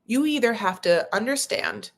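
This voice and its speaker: A woman's voice: a little high, huge pitch swings, moderate pace, a little hiss or hum. A woman giving casual, opinionated commentary on a reality show, talking loosely and swearing now and then.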